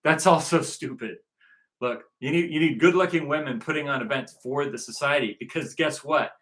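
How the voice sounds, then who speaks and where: A man's voice: fairly high pitch, moderate pace, fairly bright tone. A man from Southern California giving a rambling, repetitive recruitment monologue, circling back to the same points. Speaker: movement organizer.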